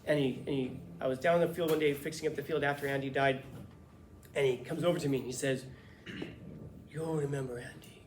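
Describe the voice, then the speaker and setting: A male teacher telling a story to his class in a casual, lively, joking way. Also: mid-range voice, fast. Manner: casual, lively, swears and jokes. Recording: echoey classroom, faint noise.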